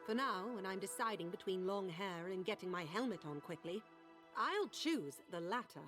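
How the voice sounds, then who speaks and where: A woman's voice: medium pitch, animated, moderate pace, lightly acted. A woman playing a blunt game warrior. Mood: stern. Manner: blunt, matter-of-fact. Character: stern adult female warrior in a dark fantasy game. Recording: game audio under loud music.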